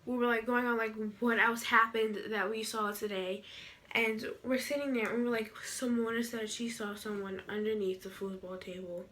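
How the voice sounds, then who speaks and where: A woman's voice: a little high, steady tone, moderate pace, sharp tone. A teenage girl telling a story to camera in a rambling, casual vlog style, full of fillers. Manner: rambling, filler-heavy retelling. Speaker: vlogger.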